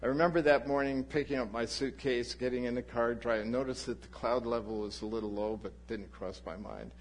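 Male preacher, husky mid-pitched voice, lively storytelling sermon. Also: brisk. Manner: animated anecdote, voices the people in his story. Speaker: pastor.

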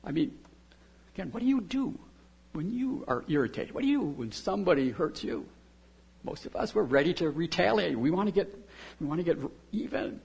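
A man preaching a sermon, moving between quiet, close talk and loud, emphatic repetition. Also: fairly high pitch, very animated, moderate pace, creaky, husky. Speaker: pastor.

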